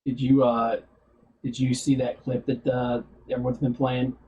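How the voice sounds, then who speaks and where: A man's voice: mid-range voice, little pitch movement, measured pace, dark tone, muffled recording, slight background noise. A man hosting a casual streamed chat show, rambling with lots of fillers and laughing often. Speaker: podcast host.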